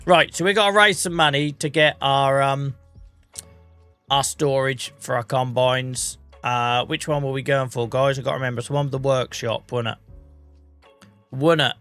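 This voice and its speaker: A chatty man from the UK with an English regional accent, a bit under the weather, talking on a live stream. His voice is bright and forward, with faint music playing behind him. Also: mid-range voice, steady tone, normal speed, clear, resonant tone, dry recording. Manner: chatty, laughs often, British slang. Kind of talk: casual live-stream chat.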